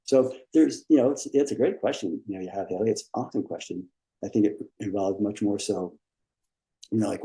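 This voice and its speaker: A man's voice: fairly low pitch, fairly quick, warm tone, poor audio. A man, a dentist and business coach, talking as a podcast guest in a rambling, repetitive, encouraging way. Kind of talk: casual interview conversation.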